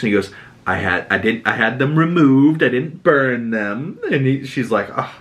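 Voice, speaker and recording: A man's voice: mid-range voice, normal speed. A young man from Boston, hosting a podcast and giving a casual, rambling recap with frequent swearing and filler words. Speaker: podcast host.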